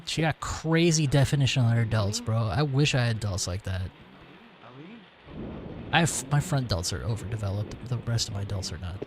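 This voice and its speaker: A man's voice: medium pitch, normal speed, a crowd in the background. A man in his twenties casually commenting on a game he is playing, rambling and slangy, with frequent swearing. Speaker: streamer. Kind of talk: casual let's-play commentary.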